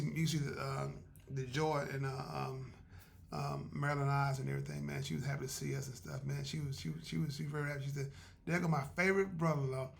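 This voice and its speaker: A man's voice: medium pitch, creaky. A man hosting a podcast, telling a story in a casual, chatty way, often laughing and acting out what people said.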